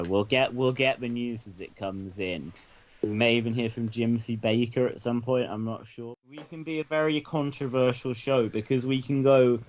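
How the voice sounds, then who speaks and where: Rambling, swearing podcast host. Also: male voice, fairly low pitch, lo-fi sound. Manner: rambling, swearing, stammering restarts and laughing. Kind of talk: comedic podcast banter.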